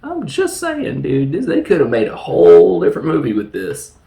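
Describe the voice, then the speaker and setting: A man's voice: medium pitch, sing-song, brisk, warm tone, reverberant. A man giving a casual, rambling movie recap, joking and laughing at what he describes. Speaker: film reviewer.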